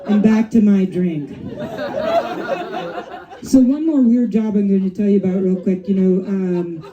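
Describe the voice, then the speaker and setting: A woman's voice: mid-range voice, measured pace, muffled recording, a crowd in the background. A middle-aged woman doing her first stand-up comedy set, chatty and profane, often tagging lines with "right?" and "you know". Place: comedy club stage. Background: audience laughing and cheering.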